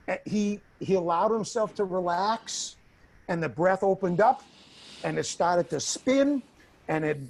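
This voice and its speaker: A man as an interview guest, telling a personal story in a lively, blunt way, swearing freely and acting out the people he quotes. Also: high voice, vocal fry.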